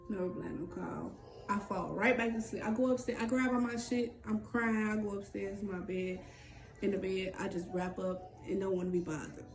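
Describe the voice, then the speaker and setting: A woman telling a personal story in casual talk, candid and swearing freely, acting out what others said in quick lively bursts. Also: mid-range voice. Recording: echoey room with faint background noise.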